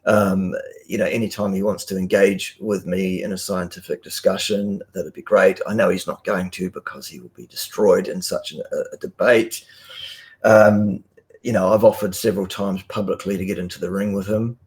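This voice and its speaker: A man, a guest on a live stream, talking bluntly and forcefully with many ums and restarts, over a video call. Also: sits low, steady tone, normal speed. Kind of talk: casual live-stream talk.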